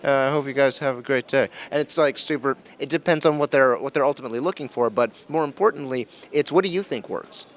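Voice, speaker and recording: A man giving a casual convention interview as a voice-actor guest, energetic and quick with jokes. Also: medium pitch. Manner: energetic, jokey, quick quips.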